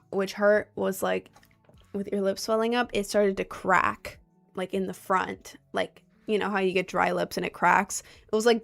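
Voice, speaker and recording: A woman's voice: mid-range voice, vocal fry. Chatty young woman streamer. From United States. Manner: rambling, filler-heavy storytelling with lively outbursts. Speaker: live streamer. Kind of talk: casual chat, reading viewer comments. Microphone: desk mic, sometimes leaning close.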